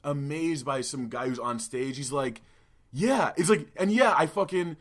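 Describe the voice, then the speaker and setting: Young dude on a podcast, mid voice, swears a ton, gets all worked up. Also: male voice, mid-range voice, moderate pace. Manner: brash, profane, excitable. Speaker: podcast co-host. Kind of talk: casual chat.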